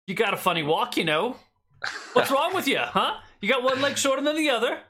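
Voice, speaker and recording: A man's voice: very high voice, animated, brisk, sharp tone, slight background noise, voice pushed up, heavily acted. A man voicing a rude old male farmer who heckles passers-by from a fence in a tabletop game. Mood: jeering. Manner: jeering, mocking, insulting. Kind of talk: tabletop role-play voice.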